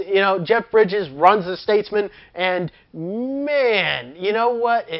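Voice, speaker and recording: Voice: mid-range voice, dull audio. A film reviewer giving a casual, chatty movie review, laughing often and leaning on fillers.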